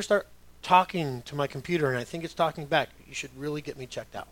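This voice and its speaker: A man's voice: on the high side, fairly quick, fairly bright tone. A middle-aged man preaching a sermon as a pastor, conversational, with rhetorical questions to the congregation.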